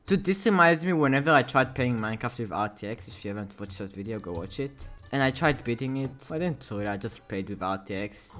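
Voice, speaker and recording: A man giving casual, excitable commentary while playing a video game, yelping and laughing as he goes. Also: medium pitch, fairly quick, hardly any pauses, soft background music. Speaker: gaming YouTuber. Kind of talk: Minecraft gameplay commentary.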